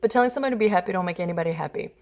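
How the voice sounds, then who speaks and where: A woman in her thirties, a mother talking casually about parenting and telling expressive stories about her kids. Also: mid-range voice, rapid-fire. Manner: chatty and expressive, acting out her children's whiny voices. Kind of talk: casual storytelling advice.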